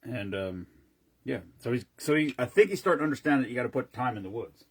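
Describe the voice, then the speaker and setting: A man's voice: medium pitch, expressive, fast talker, husky. A man casually chatting on a live stream, rambling between stories and greeting viewers by name as he mixes drinks.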